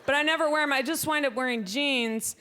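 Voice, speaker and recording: A young woman doing a stand-up comedy set on a club stage, speaking dryly into a handheld mic and jumping into shrill, loud put-on voices. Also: brisk, slight background noise.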